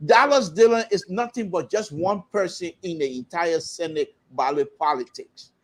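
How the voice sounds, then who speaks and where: Animated Liberian man debating. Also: high-pitched, moderate pace. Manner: animated, repeats phrases for emphasis. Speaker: panel guest, liberal commentator. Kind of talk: heated political debate. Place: remote call-in to a broadcast.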